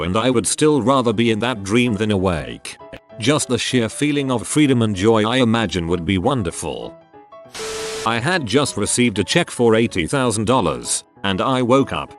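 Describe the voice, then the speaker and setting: A man narrating online posts in a steady, even read-aloud delivery. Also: on the low side. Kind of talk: scripted narration.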